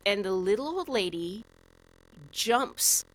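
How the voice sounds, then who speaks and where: A woman guest on a podcast, telling a story in a lively, animated way with lots of "like" fillers. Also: medium pitch, takes it slowly, low-quality recording. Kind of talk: casual storytelling.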